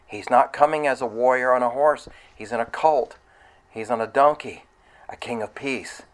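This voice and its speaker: Male preacher, mid-pitched, plain delivery, verse-by-verse sermon that sometimes builds to loud excitement. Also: normal speed, poor audio. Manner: conversational, rising to loud excited retelling.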